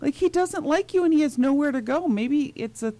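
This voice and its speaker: A woman co-hosting a radio show, chatting in a relaxed way and laughing often. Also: high voice, brisk, dry recording. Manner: relaxed, laughing, lively ups and downs. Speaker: radio co-host. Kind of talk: casual radio chat.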